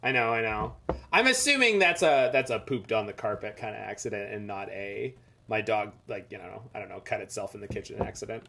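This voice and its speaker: A man's voice: lowish voice, animated, fairly quick, gravelly, pushed and bright, a little hiss or hum. A man streaming a game, chatting casually and rambling as he reads the chat aloud. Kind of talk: casual live-stream chat over gameplay.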